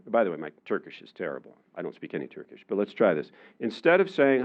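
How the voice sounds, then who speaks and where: A man's voice: low-pitched, very animated, fast talker, hardly any pauses. Casual-talking male lecturer, slightly dull sound. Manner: conversational, acts out quoted voices, many fillers. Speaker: university lecturer. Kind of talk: public lecture. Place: lecture room.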